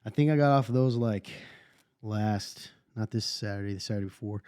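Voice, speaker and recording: Hoarse, drowsy man clearing his throat. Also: fairly low pitch, moderate pace, warm tone, no echo, clean studio sound. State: hoarse from a sinus illness. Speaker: podcast co-host. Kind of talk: casual chat.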